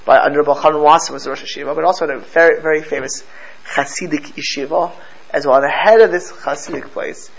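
A man teaching a lesson through a story, animated and often restarting and repeating his words. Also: fairly high pitch, quick pace. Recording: slightly dull with faint background noise.

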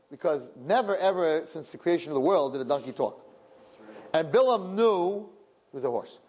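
A man teaching a lively Torah lesson, animated and joking, asking rhetorical questions. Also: on the high side, a little fast, husky.

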